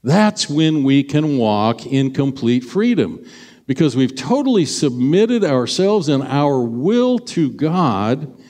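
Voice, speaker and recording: A man's voice: mid-range voice, big pitch swings, slow, warm tone. Chatty male pastor in a reverberant hall. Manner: chatty, storytelling, with sudden bursts of emphasis. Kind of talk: sermon. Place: church sanctuary.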